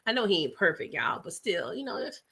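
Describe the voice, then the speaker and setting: Bright-voiced chatty woman livestreaming. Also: fairly low pitch, brisk, breathy edge. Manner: chatty, animated, uses "child" and "y'all". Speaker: livestream host. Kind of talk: casual chat with live viewers.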